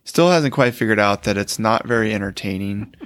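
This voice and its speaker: A man's voice: lowish voice, lively intonation, a little fast, a bit bright, dry recording, clean studio sound. A middle-aged man co-hosting a podcast in casual, wry chat. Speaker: podcast co-host.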